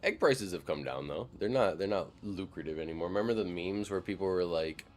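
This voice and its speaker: A young guy from near Madison, Wisconsin, streams a game and chats loosely with viewers, his low voice moving fairly quickly. He rambles, curses, and scatters "like" everywhere.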